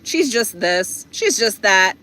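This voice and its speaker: A woman doing her calm, soothing mother. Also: mid-range voice, slow, exaggerated voice, low-quality recording.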